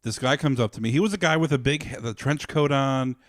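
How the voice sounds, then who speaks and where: A man's voice: medium pitch, fairly quick, no room sound, clean studio sound. A man co-hosting a podcast in an easygoing, chatty way, often repeating himself as he tells a story. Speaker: podcast co-host. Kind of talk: casual chat.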